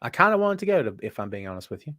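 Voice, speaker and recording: A man's voice: medium pitch, sing-song, rapid-fire, bright, forceful tone. A man hosting a casual live show, chatting and joking as he reads viewer comments aloud. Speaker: podcast host. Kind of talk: casual live-stream chat.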